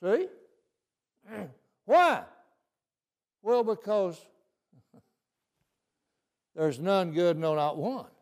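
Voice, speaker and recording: Slow, lively preacher man. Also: high voice. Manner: folksy, repeats "See?" often. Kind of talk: sermon.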